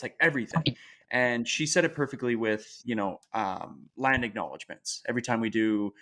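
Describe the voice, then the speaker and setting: A man hosting a podcast, chatting casually and telling animated stories. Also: on the low side. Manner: animated storyteller, laughs at himself.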